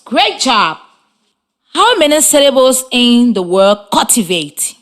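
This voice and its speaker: A woman teaching a children's reading lesson on the radio, giving slow, encouraging, clear instructions. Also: fairly high pitch, sing-song, a bit bright. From Liberia.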